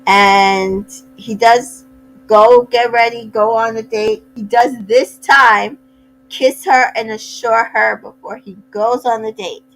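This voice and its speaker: A woman hosting a casual recap, chatty and opinionated, with sassy asides and quick voices for the people she quotes. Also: on the high side, fairly even intonation, a bit bright, faint music behind, poor audio. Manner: acts out cast members' lines in quick voices. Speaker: recap host.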